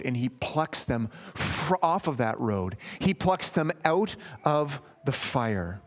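A man's voice: mid-range voice, lively intonation, unhurried, hardly any pauses. A man preaching a sermon in an earnest, emphatic way, speaking directly to his listeners as friends.

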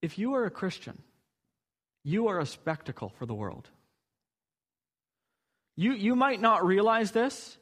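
A man's voice: high voice, sing-song, measured pace, pauses often, fairly bright tone. A man preaching a sermon, earnest and emphatic, building to rhetorical questions.

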